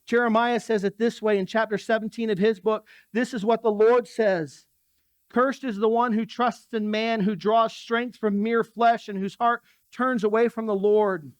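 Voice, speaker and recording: Man, high voice, dry sound; pastor giving a conversational sermon in a church. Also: fairly even intonation, moderate pace, no room sound. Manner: conversational preaching with asides to the congregation.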